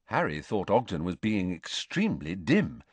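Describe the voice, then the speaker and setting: A man narrating an audiobook in a measured, expressive storytelling voice. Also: sits low, slightly rough, no echo. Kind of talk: scripted narration.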